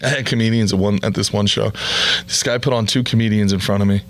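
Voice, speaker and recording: A man's voice: on the low side, steady tone, fast talker, a little hiss or hum. A man, a podcast host and comedian, ranting bluntly and profanely in a comedic monologue.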